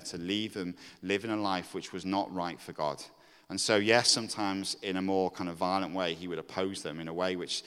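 A man's voice: sits low, fairly bright tone, clear, resonant tone. A man giving an earnest sermon to a congregation, candid about his own faults and rising to emphatic exhortation. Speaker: preacher. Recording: long reverb of a hall.

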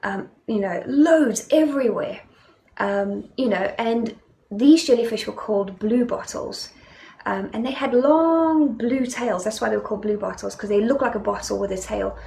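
South African woman preaching, gravelly voice. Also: on the high side, normal speed, warm tone, a little hiss or hum. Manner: conversational, storytelling, many fillers. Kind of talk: sermon.

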